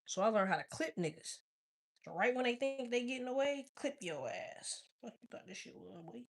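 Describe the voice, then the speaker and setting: A woman chatting casually with viewers as a tarot reader, telling stories in a blunt, profane, animated way. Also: a little high, normal speed, vocal fry. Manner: blunt, profane, animated storytelling with frequent laughs. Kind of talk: casual live-stream chat.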